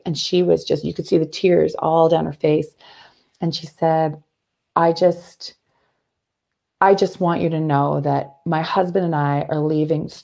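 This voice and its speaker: A Canadian woman in her thirties, a guest telling stories in an earnest, animated way, often restarting her sentences. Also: low-pitched, creaky. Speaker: interview guest, athlete and speaker. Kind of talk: conversational interview.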